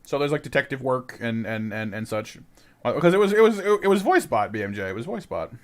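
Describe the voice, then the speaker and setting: A man's voice: mid-range voice, sing-song, fairly quick. A man streaming a game, chatting casually with his viewers, rambling and repeating words often.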